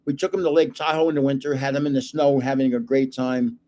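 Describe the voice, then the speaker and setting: An older man, a grandfather hosting his own channel, chatting casually and telling rambling stories with plenty of pauses. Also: mid-range voice, steady tone, a little mellow. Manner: rambling storyteller with fillers. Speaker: host of a card channel. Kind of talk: casual livestream chat.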